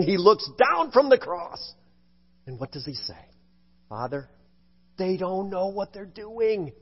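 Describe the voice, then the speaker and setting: A male pastor preaching a sermon in a church sanctuary. He swings between emphatic, raised delivery and hushed passages, in a dull recording with long church reverb. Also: sits high.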